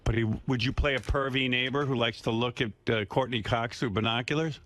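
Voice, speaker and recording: A man's voice: mid-range voice, fairly even intonation, brisk, a bit bright, slight background noise. A man hosting a radio talk show, teasing his guest with provocative questions. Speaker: radio host. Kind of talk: casual radio banter.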